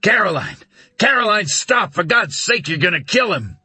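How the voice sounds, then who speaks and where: A man voicing a protective man who speaks to the woman he loves in a hushed, tender voice. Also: sits high, lively intonation, normal speed, husky, no room sound, voice pushed up, heavily acted. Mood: urgent. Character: protective man, gentle with his wounded lover.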